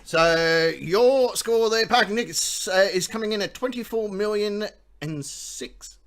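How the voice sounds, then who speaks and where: The quiz host, a man with an Australian accent, keeps the live show loose with jokes, frequent laughter and plenty of swearing. His voice is high-pitched and fairly bright, and he takes his time.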